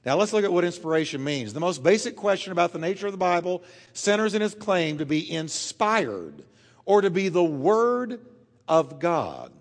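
A pastor preaching a sermon to his church, emphatic, dropping quiet and then swelling loud, drawing out key words. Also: sits high, very animated, moderate pace, in a large hall.

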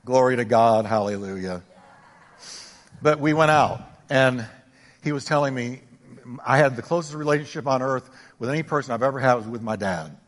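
An older male pastor delivering a sermon, swinging between emphatic raised exclamations and quiet, intimate asides. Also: mid-range voice, normal speed, big-room sound. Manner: preaching with rising emphatic exclamations.

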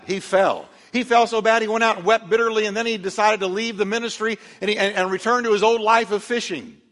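Male pastor, slightly high voice, forceful energetic preaching, long hall reverb. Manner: emphatic preaching with call-and-response to the congregation. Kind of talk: sermon.

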